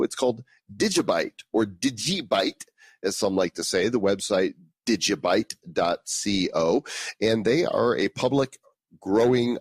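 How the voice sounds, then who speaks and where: A male podcast host with a somewhat low, breathy-edged voice, trading jokes and reading fan reviews. The recording is dry and close, with no room sound around him. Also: no room sound. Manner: joking, reads listener reviews aloud. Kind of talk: casual podcast banter.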